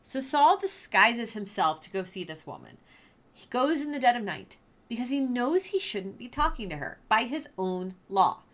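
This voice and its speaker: A woman's voice: a little high, very animated, normal speed, a bit bright. A young woman who teaches a casual Bible lesson in a chatty way, with lots of fillers, and who reads scripture aloud. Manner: chatty, filler-heavy, laughs at the story.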